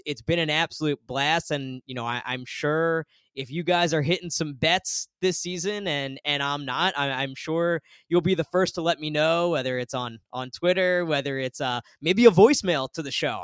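A man hosting a sports betting podcast, chatting casually through his picks in a relaxed way. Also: on the high side, clean tone, dry recording. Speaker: podcast host.

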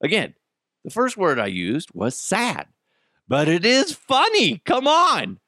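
Brief: male comedy podcast host, animated, swearing, dry close mic. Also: sits high, slow pace, no room sound. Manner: laughing, joking, profane. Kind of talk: casual comedic commentary.

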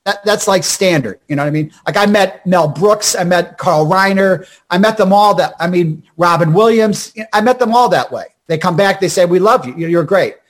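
An older man from Scranton, a comedian and actor, telling rapid, animated show-business stories with restarts and quoted voices. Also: sits high. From Scranton, Pennsylvania. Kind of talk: storytelling interview chat.

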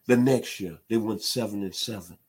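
A man from Memphis, Tennessee, with a husky, darkish voice that sits a little low, delivers an emphatic sports commentary monologue at normal speed. He drives his points home with rising intensity, building to impassioned outbursts.

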